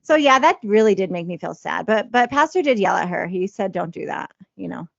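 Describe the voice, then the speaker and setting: In a mid-range voice with vocal fry and lively intonation, a thirtysomething woman talks fairly quickly as a podcast co-host, sharing confessional, emotional thoughts packed with "you know" and other fillers. There's no echo, but the highs are cut off.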